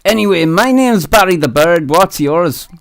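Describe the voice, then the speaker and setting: A man's voice: high voice, expressive, moderate pace, fairly bright tone, no room sound, clean studio sound. A man voicing a rude, cheeky male puppet bird with a Scottish accent, teasing strangers in a video chat comedy. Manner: crude, teasing, sings silly songs.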